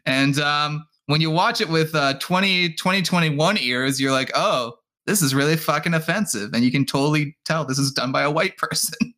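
Bright-voiced man telling stories casually. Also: fairly high pitch, normal speed. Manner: relaxed storytelling with fillers and dry asides. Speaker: podcast co-host. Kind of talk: casual chat.

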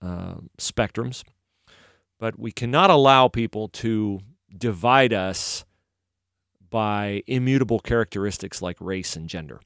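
A man gives a casual faith talk in a conversational style, animated when he tells a story. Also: on the low side, unhurried, creaky, no echo, clean studio sound. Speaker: Christian commentator.

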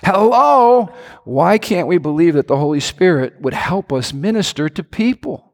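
A middle-aged man, a pastor, preaching a sermon with animated storytelling and frequent questions to his congregation. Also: normal speed. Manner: animated storytelling with lively pitch swings and direct questions to the congregation.

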